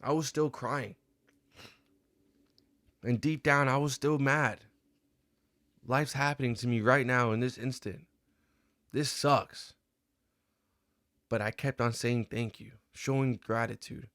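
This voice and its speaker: A young man vlogging a personal reflection, talking in a halting, earnest way with many restarts and fillers. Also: mid-range voice, steady tone, fairly bright tone, no echo, clean studio sound.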